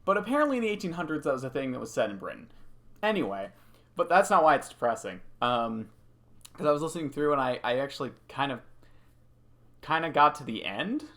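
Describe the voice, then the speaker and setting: A man streaming from home, chatting casually and retelling a story in a loose, animated way. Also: medium pitch, brisk. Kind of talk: casual chat while gaming.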